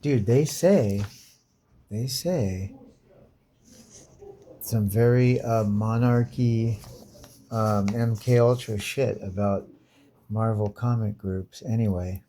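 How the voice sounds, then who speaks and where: Mellow-voiced man riffing on comics. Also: on the low side, slow pace, pauses often, a little hiss or hum. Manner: profane, slangy, incredulous riffing. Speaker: comic book reviewer. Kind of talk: casual comic commentary.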